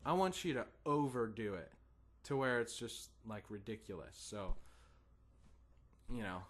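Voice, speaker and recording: A man's voice: lowish voice, animated, a little slow, fairly bright tone. A man gives a guitar lesson in a patient, encouraging way. He counts in the student and sings strum rhythms as plain syllables, stressing some beats. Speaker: guitar teacher.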